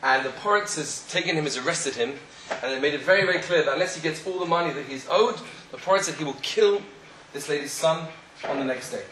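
A man telling a story in a sermon, animated, acting out the voices of the people in it. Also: on the high side, fast, few pauses, slight background noise. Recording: echoey room, faint ambience.

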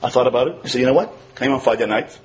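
A man in the role of a religious teacher delivers a storytelling sermon at a mid-range pitch. He acts out the people in his stories with lively animation. Then he sinks into soft, tender tones. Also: rapid-fire, a little hiss or hum, low-quality recording.

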